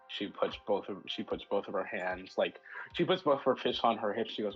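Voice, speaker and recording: A man's voice: lowish voice, normal speed, slightly rough. A man narrating a tabletop game as game master, rambling and restarting his sentences. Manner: rambling, repeats words, restarts a lot. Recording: dull lo-fi audio with faint music.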